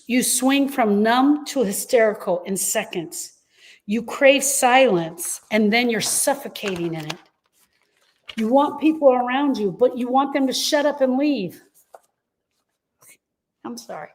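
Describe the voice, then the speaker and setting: A middle-aged woman talks straight to grieving listeners, earnest and emphatic. She leans on repeated phrases to reassure them, and her pitch sits in the middle of the range. The delivery is a heartfelt live talk, not a polished script. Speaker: grief coach and host.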